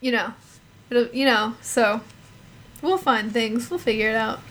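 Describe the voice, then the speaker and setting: A young woman hosts a podcast in easygoing chat, her voice a touch high. She laughs easily and rambles, circling back with fillers. A faint noise hums under the recording. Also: unhurried, a bit bright. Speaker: podcast host. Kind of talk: casual chat.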